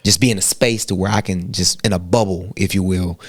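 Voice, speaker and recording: A man co-hosting a podcast in casual chat, a rambling, animated storyteller who swears freely. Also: low-pitched, brisk, no room sound. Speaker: podcast co-host.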